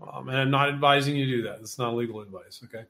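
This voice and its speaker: A man's voice: mid-range voice, fast, fairly bright tone. A man hosting a live question-and-answer show, talking loosely and chattily, full of fillers and restarts, acting out little quoted exchanges. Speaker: host answering viewer questions. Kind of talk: casual live Q&A.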